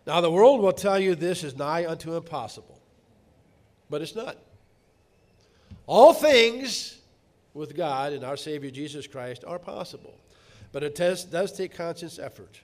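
A middle-aged man delivering a sermon in a somewhat high voice. He speaks earnestly, drawing out key words slowly and then swelling into emphatic, louder passages. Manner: earnest, rising to emphatic peaks, slowing to stress words. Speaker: preacher.

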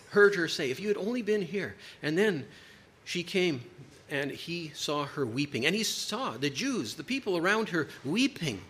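A man preaching a sermon to a congregation, emphatic, with dramatic pauses. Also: on the high side, fairly bright tone, slight background noise.

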